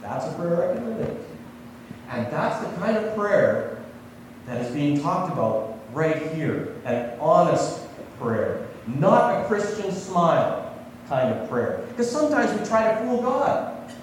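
Man, pastor, sermon, lively ups and downs, far from the mic in an echoey hall. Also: sits high, a little slow, a little hiss or hum. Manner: conversational, asks the congregation questions.

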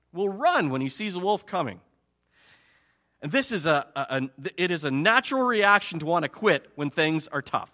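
A male pastor preaching a sermon in an animated way, acting out his listeners' reactions. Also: high voice.

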